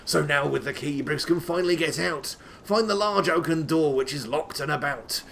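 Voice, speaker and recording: A man with a somewhat high, gravelly voice reads rhyming verse aloud with comic theatrical flair. He puts on a rustic, old-timey accent that keeps drifting, and he breaks off into sweary, self-mocking asides. A faint hum of noise sits under the voice. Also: normal speed, fairly bright tone. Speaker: reader of a game walkthrough.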